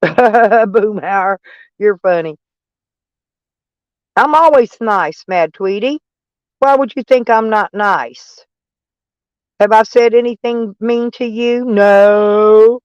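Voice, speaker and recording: A woman's voice: mid-range voice, slow, pauses often, clear, resonant tone, no room sound, highs cut off. A middle-aged woman chatting casually on a live stream, mocking and sarcastic toward trolls in her chat. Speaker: van life streamer.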